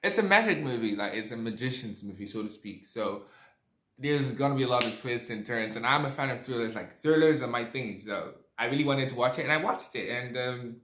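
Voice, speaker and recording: A man's voice: medium pitch, animated, a little fast, a bit bright. A young man giving a casual, rambling movie review, full of fillers and asides. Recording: echoey room.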